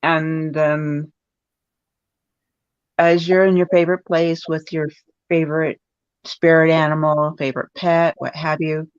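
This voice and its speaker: A woman guest in a casual talk, speaking haltingly with many fillers and restarts. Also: sits low, little pitch movement, clean tone, no room sound, dull audio. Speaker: podcast guest. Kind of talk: casual conversation.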